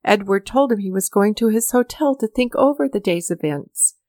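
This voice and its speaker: A woman's voice: mid-range voice, lively intonation, moderate pace, dark tone, no echo, studio quality. Woman reading a story aloud. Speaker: reader. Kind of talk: audiobook storytelling.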